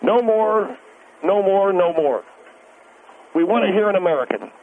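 Over a tinny phone line with faint hiss, a man calls in to a radio show and rants in a high-pitched, expressive, unhurried voice. His rambling complaint is insistent, and he stumbles over words and repeats himself.

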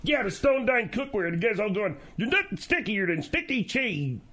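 A man voicing a dim-witted male sidekick in a comedy radio bit, with a high, raspy voice and a goofy, agreeable manner. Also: very animated, normal speed, pushed and bright, heavily acted. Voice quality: high, raspy, slightly distant.

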